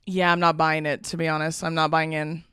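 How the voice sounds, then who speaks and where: A woman's voice: deep voice, level tone, a little fast, fairly bright tone, smooth, dry recording, clean studio sound. A young woman co-hosting a podcast in casual chat, laughing often and swearing freely. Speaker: podcast co-host.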